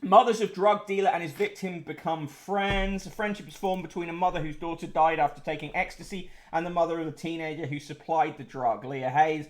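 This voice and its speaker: Speaking fairly fast with few pauses, a man from the United Kingdom runs a casual livestream in a voice on the high side. He works through chat comments and newspaper headlines, tossing in sarcastic asides, curses, and frequent filler words.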